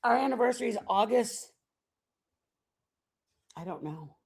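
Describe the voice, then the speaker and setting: A woman's voice: on the high side, lively intonation, measured pace, vocal fry, a little mellow. A woman in her fifties from the United States, chatting casually and rambling to her viewers on a live stream. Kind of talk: casual chat.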